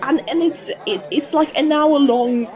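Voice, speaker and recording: A woman's voice: high voice, measured pace, a little mellow. A young woman playing a scatterbrained theatregoer in a comic sketch, rambling and tripping over her words. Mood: excited.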